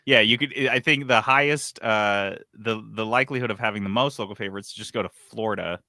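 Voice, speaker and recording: Guy hosting a gaming podcast, low but bright voice, jokey and animated, swears a lot, dry close mic. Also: brisk, dry recording. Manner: animated, jokey, swears casually, sells ad reads with energy. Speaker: podcast co-host. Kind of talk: casual podcast banter and news reading.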